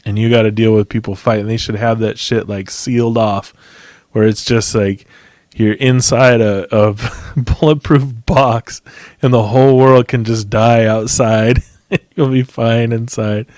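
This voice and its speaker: Rambling, swearing podcast host. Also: male voice, mid-range voice, steady tone, unhurried, darkish tone, no room sound, clean studio sound. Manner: rambling, profane, laughs often. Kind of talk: casual chat.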